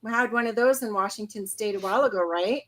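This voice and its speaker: A woman's voice: mid-range voice, fast. Chatty woman in her fifties hosting. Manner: chatty, greets viewers one by one, laughs often. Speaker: host. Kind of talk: casual livestream chat.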